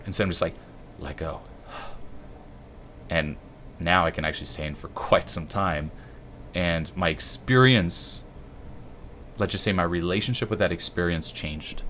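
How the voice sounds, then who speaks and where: A low-voiced man whose first language is French rambles through a casual self-help talk. He swears freely and hunts for words now and then. A faint hum of ambience sits behind him. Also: fairly bright tone. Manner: loose and profane, with a slight halting quality. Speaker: YouTube host.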